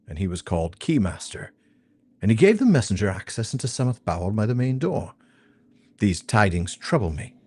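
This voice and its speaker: A man's voice: on the low side, darkish tone, breathy edge. A man voicing a grave male quest-giver in a fantasy game, reading the quest text aloud in a solemn, archaic manner.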